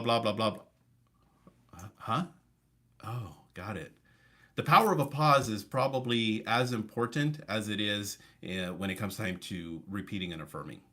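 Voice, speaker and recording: A man running a live online coaching session over a video call, talking with high energy and breaking it up with deliberate pauses and changes of pace. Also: fairly bright tone, slightly rough. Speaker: real estate coach.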